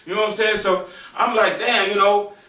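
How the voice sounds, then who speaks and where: A man, casually telling loud, profane, laughing stories about his school days as a podcast host. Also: high voice, fairly even intonation, a little fast, far from the mic. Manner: laughs often, swears heavily, acts out people in the story. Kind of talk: casual storytelling. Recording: roomy, off-mic, with loud music behind.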